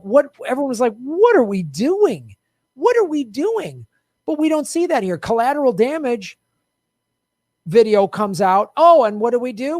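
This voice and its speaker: A man's voice: very high-pitched, dry recording, clean studio sound. A middle-aged man hosting a casual political commentary show, heated and sarcastic, swearing freely.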